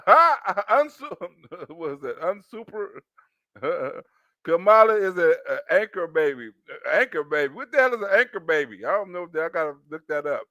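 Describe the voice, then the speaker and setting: A man's voice: high-pitched, very animated, normal speed, bright, forceful tone, no room sound. A man hosting a reaction video, mocking clips in casual commentary and laughing often.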